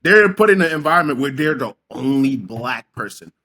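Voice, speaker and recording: Animated young New man telling stories. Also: medium pitch, normal speed, slight background noise. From Senegal. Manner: animated storyteller, acts out his own quotes. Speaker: podcast co-host. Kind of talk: casual chat.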